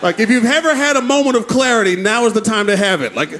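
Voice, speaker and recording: A man performing a stand-up routine on a club stage, telling an animated, profane story and acting out voices. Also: very high-pitched, fast talker. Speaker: stand-up comedian. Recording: live club audience and noise behind.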